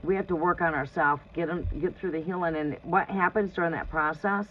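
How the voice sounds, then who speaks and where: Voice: mid-range voice, fairly even intonation, fairly quick. Blunt, foul-mouthed tarot reader who laughs a lot, casual live-stream advice, dull lo-fi audio with faint noise. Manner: blunt and profane, laughs often.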